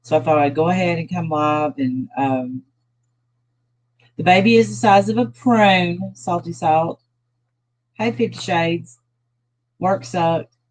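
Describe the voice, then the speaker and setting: A tired, sad-sounding middle-aged woman hosts a casual phone livestream, greeting viewers one at a time as she rambles loosely with restarts. Her voice is lowish and slow with frequent pauses, and the recording quality is low.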